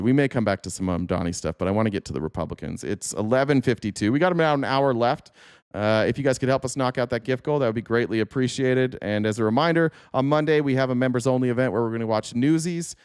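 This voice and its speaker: A man's voice: mid-range voice, fast talker, a little mellow, smooth, no room sound, studio quality. A man hosting a livestream, reacting to political clips with sarcastic, profane casual commentary.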